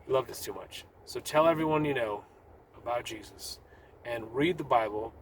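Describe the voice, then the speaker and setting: A man's voice: mid-range voice, normal speed, a little hiss or hum, poor audio. A man talking casually but urgently about his faith to the camera while sitting in a car, with rambling restarts. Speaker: Christian vlogger.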